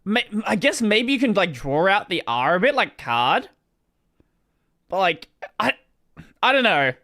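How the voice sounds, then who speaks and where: An Australian man offers blunt, offhand reaction commentary as a streamer. His voice is high and swoops around animatedly. It is bright and smooth, and he swears casually. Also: big pitch swings, normal speed.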